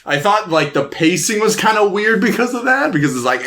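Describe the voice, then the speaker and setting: Guy on a movie podcast, super animated pitch, swears a lot, plays out the scenes. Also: fairly quick. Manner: animated, swears, acts out film lines with laughs. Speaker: podcast co-host. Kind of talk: casual movie review chat.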